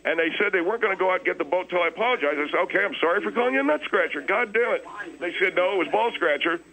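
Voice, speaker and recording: A man's voice: high voice, expressive, racing, pushed and bright, heavily acted, rough recording. A man playing a rambling, defensive boater who tells his mishaps at length. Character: middle-aged man, blustering hapless boater.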